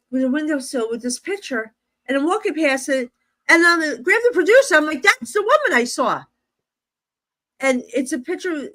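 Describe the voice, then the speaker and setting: An expressive New Jersey woman telling a story. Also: sits high, dry recording. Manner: expressive, acts out dialogue, laughs often. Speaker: psychic medium guest. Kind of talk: animated storytelling in a podcast interview.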